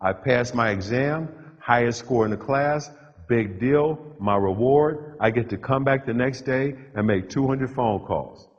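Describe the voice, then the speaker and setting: A middle-aged man giving a motivational keynote, telling his own story in short punchy phrases with dramatic pauses. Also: medium pitch, slightly rough. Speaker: motivational speaker. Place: large hall with a live audience. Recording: dull lo-fi live hall recording.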